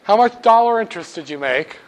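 Male finance lecturer with a high voice and a crude, irreverent classroom manner. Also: animated, brisk. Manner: irreverent, crude jokes between explanations.

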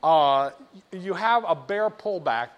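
A man teaching about stock charts in an animated, playful way, often asking the viewer rhetorical questions. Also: a little high, slow pace, dull audio. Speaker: finance instructor. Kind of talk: screen-share lesson on market charts.

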